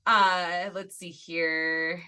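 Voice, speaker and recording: Bright-voiced woman podcast co-host. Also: lowish voice, flat delivery, very slow, clear, resonant tone. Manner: enthusiastic, acts out quoted lines. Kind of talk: casual chat, quoting film lines.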